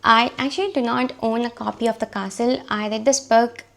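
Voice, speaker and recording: A woman vlogging casually about her books, her voice hoarse from a cold, chatty and self-deprecating. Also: a little high, fairly even intonation, fairly quick, a bit bright. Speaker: book vlogger.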